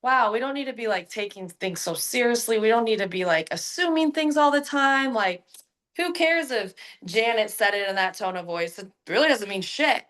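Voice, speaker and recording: A woman talking as a podcast guest in a casual conversation, animated, with many fillers and acted-out quotes. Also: a little high, normal speed.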